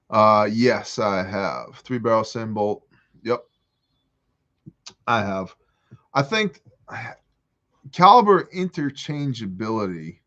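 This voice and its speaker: A man hosting a casual livestream from a porch, reading viewer comments aloud and answering them with animated jokes. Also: lowish voice, dull audio. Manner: joking, animated, reads chat aloud. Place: outdoors on a porch.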